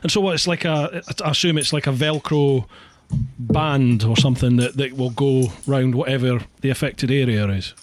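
A man's voice: mid-range voice, normal speed. A Scottish man hosting a casual chat over a call, chatty and self-deprecating, laughing often. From Scotland. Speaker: podcast host.

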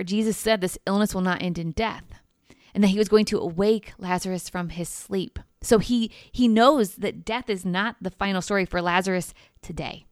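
Smooth-voiced woman giving gentle devotional teaching. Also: on the low side, no room sound, studio quality. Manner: gentle, earnest, conversational.

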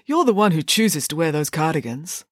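A woman's voice: low-pitched, sing-song, moderate pace, no echo, studio quality. A woman reading a storybook, voicing a large, earnest teenage schoolboy who is bashful and dreamy about love.

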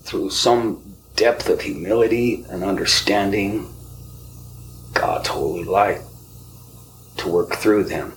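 A man hosting a podcast, telling spiritual stories softly, often dropping to a whisper. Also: low-pitched, a little hiss or hum, poor audio. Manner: slow, soft-spoken, often whispering. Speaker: podcast host. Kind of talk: spiritual storytelling.

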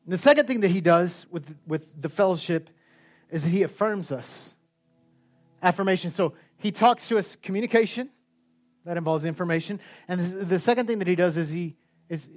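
A male preacher with a high voice, delivering an animated sermon. He drops to near-whispers and then climbs to ringing shouts. Soft music plays underneath. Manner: animated, swings from quiet to shouting.

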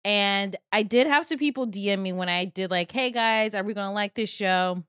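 A woman's voice: mid-range voice, normal speed, fairly bright tone, clear, resonant tone, no room sound, clean studio sound. A woman in her thirties hosting a podcast in casual chat, giggly and playful, joking in mock slang. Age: 30s. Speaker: podcast host. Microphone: studio mic.

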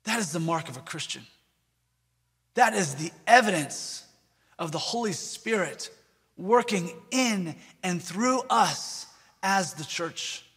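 A man's voice: high-pitched, lively intonation, slow pace, a bit bright, slightly rough, long reverb tail. A man preaching a sermon, earnest, with rhetorical questions and repeated phrases. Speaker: pastor.

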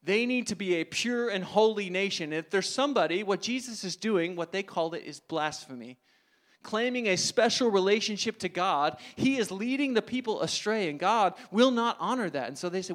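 A male pastor preaching a sermon, telling the story dramatically, swinging from loud emphasis to hushed asides. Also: high-pitched, lively intonation, normal speed.

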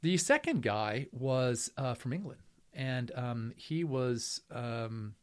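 A man's voice: mid-range voice, sing-song, takes it slowly, clean tone. A middle-aged man, a professor being interviewed, telling a long story in a wry, rambling way, with many fillers and restarts. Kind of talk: storytelling conversation.

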